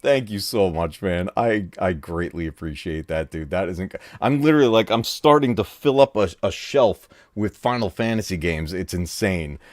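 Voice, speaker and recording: A man hosting a casual live gaming stream from home, excitable and laughing often as he talks to his chat. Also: low-pitched, normal speed, hardly any pauses, dry recording, studio quality. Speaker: gaming channel host. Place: home room.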